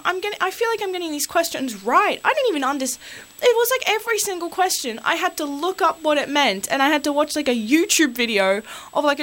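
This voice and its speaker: A woman's voice: high voice, pushed and bright. A young Australian woman hosting community radio, ranting on air into a studio microphone with an exasperated, rambling delivery full of fillers.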